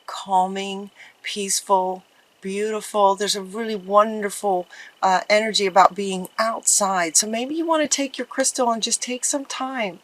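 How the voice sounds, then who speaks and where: A woman giving a casual tarot reading to her viewers, gentle and encouraging, often repeating her phrases. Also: medium pitch, poor audio. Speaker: tarot reader.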